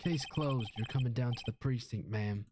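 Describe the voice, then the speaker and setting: A man doing a gruff Boston-accented cop. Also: medium pitch, normal speed, noisy background, lightly acted. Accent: put-on Boston cop accent. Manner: tough-talking, tags lines with "see?". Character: gruff blustering male police detective. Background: game music.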